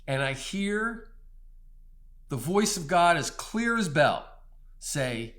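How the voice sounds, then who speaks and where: A man's voice: a little high, very animated, slow pace, pauses often. Earnest man telling his faith story. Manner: earnest, swings from loud to hushed. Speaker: storyteller giving testimony. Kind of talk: personal faith testimony.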